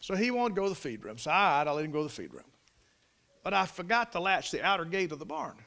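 A man, telling a folksy farm story in a devotional talk, in an animated country manner. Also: high-pitched, fast talker, vocal fry.

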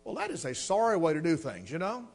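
A man's voice: fairly high pitch, sing-song, quick pace, creaky, slightly rough. A middle-aged man preaching a sermon, telling a folksy personal story and addressing the congregation as folks.

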